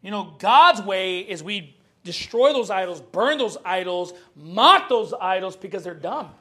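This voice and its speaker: High-voiced fervent preacher man. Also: expressive, measured pace, bright, forceful tone. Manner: fervent preaching, shifting to a low chatty storytelling tone. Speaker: pastor. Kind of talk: sermon.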